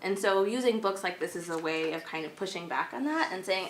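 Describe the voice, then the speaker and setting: A woman speaking thoughtfully and gently in a relaxed conversation, with many fillers. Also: lowish voice, brisk. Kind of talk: conversational discussion. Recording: echoey room, faint noise.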